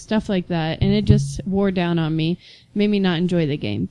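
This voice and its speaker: A young woman co-hosting a podcast, chatting casually and telling stories with easy laughs. Her voice is mellow and smooth, and the recording sounds close and dry. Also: lowish voice, no room sound. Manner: chatty, laughs often, storytelling. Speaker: podcast co-host. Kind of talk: casual chat.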